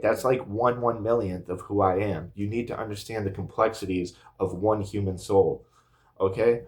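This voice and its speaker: A man's voice: fairly low pitch, steady tone, moderate pace, a little mellow. A man in his thirties telling a personal story to camera in a rambling, earnest way, full of fillers and restarts, a little emotional. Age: 30s. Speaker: vlogger.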